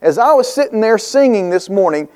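A man preaching a sermon as pastor, quoting scripture with rising emphasis and rhetorical questions, and dropping to a soft, slow tone when he turns personal. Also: sits high, lively intonation, smooth. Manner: drops to soft, slow reflection in personal parts.

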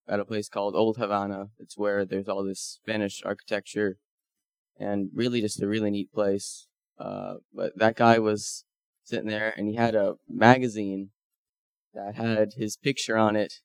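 A man's voice: fairly low pitch, creaky, dry recording. A man casually telling a group about a mission trip, acting out the people he quotes. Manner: animated, acts out quoted dialogue. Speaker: mission trip member sharing photos.

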